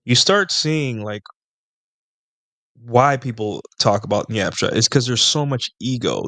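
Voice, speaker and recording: A man's voice: medium pitch, a bit bright, smooth, no room sound. A young man hosting a live Q&A stream, talking casually and rambling with many restarts and fillers.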